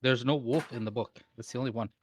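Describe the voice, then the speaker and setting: A man's voice: medium pitch, fairly even intonation, quick pace, a little hiss or hum. A man playing in a tabletop game, eager and chatty as he looks up rules. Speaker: player. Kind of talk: casual chat at a tabletop game.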